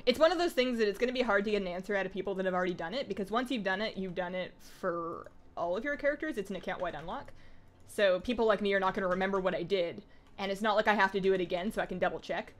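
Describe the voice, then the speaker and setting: A woman with a Canadian accent chats casually with her viewers while she plays a game on stream. She talks very fast and keeps up a running, chatty commentary, with a voice pitched in the middle range for a woman. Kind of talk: casual live-stream chat while gaming.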